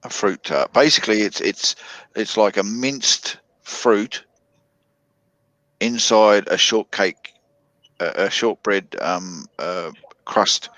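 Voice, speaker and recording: Rambling Australian man, low voice. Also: a bit bright, no echo. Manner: rambling, drawn-out storytelling with many fillers. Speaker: guest on a chat stream. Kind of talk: casual chat. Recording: dull lo-fi online call audio.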